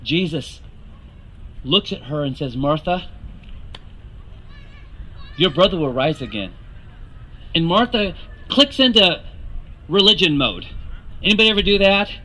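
A man's voice: on the high side, animated, unhurried, pauses often, sharp tone, rough recording. A man preaching a sermon, earnest and rising to emphatic questions to the congregation.

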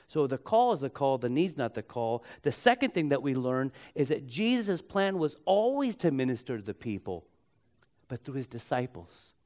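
A man preaching a sermon as pastor, emphatic and repeating key phrases, slowing down to stretch words and drawing the congregation into call-and-response. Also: medium pitch, big pitch swings, darkish tone.

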